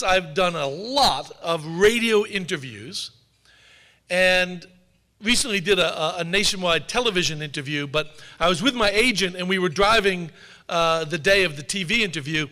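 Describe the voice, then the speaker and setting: A man's voice: high-pitched, moderate pace, bright, forceful tone. A man who is an author giving a public talk to an audience, telling wry anecdotes. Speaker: author and speaker. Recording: long hall reverb.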